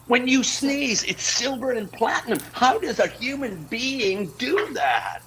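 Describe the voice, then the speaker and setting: A man's voice: extremely high pitch, big pitch swings, unhurried, noisy background, full character voice. An actor playing a flustered married man with a brood of children, stammering and repeating himself as he urgently pleads in an improv scene on stage. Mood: pleading. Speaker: improv performer. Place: theater stage.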